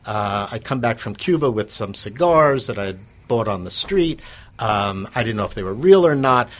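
In an interview, a guest recounts how his business came about in a meandering anecdote full of false starts and fillers, laughing at himself now and then. His lowish voice is expressive and a bit bright, at a normal speed.

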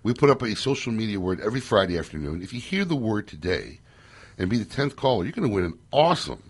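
A man hosting a casual radio talk show from a studio, telling stories in an animated, joking way. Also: fairly low pitch, fast talker, slightly rough. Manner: animated storyteller, loose and joking.

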